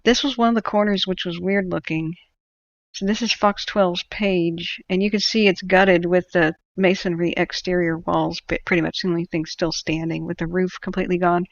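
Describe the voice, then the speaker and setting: A woman's voice: fairly low pitch, vocal fry, no echo, lo-fi sound. A woman hosting a casual livestream, rambling and thinking aloud with lots of fillers as she talks at her computer. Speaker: livestream host.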